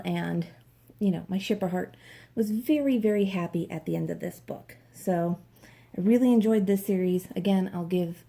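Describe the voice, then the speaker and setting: Woman chatting about books, gravelly voice, dark and mellow tone. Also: on the low side. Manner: chatty, candid, occasional swearing. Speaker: book vlogger. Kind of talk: casual book review vlog.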